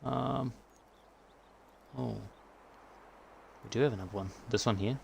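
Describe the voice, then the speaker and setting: A man live streaming a hunting game, chatting casually and often dropping to a quiet mutter. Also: mid-range voice, measured pace, creaky, pauses often, breathy edge. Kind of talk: casual gameplay commentary.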